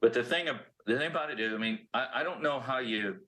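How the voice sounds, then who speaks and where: A man's voice: medium pitch, fast talker, pushed and bright, rough recording. A man speaking as a panelist on a local TV news discussion, reflective and questioning. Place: TV studio.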